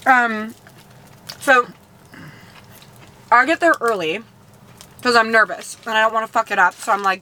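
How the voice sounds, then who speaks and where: Bright-voiced young woman chatting casually. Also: a little high, measured pace, long pauses, a little hiss or hum. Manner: chatty storyteller, swears casually. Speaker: podcast co-host. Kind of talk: casual chat while eating.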